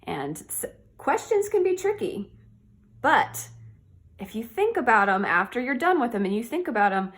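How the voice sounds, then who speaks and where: Woman, teacher, early-grade lesson, sounds out words slowly, encouraging. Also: fairly high pitch, very animated. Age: adult.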